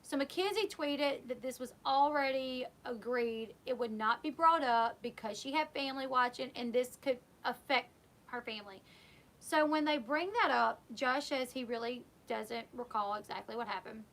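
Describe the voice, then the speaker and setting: High-voiced woman chatting through a recap. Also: normal speed, a bit bright. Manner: conversational and opinionated, acting out quotes. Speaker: YouTuber recapping a reality show.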